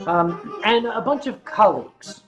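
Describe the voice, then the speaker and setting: An American man hosting a livestream and telling a rambling, self-mocking story, with now and then a cleared throat. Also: sits high, animated, measured pace, faint music behind, poor audio. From United States. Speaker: host.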